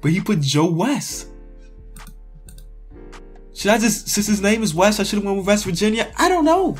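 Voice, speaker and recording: This husky, high-sitting male voice keeps a moderate pace over faint background music. An excitable Chicago-area sports YouTuber, he narrates his way through a sports quiz casually, talking to himself and crying out in frustration.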